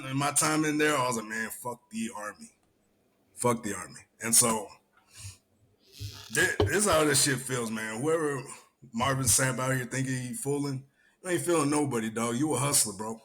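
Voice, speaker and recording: Young guy on a podcast cussing through a story, bright forceful voice. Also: medium pitch, moderate pace. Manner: profane, animated storytelling. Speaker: podcast host. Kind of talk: casual chat.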